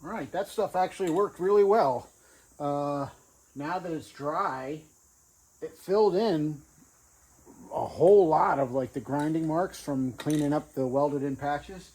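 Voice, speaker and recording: A man's voice: a little high, measured pace, a little mellow, slightly rough, rough recording. A man casually narrating his truck build in a home garage, offhand and thinking aloud with fillers. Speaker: garage vlogger.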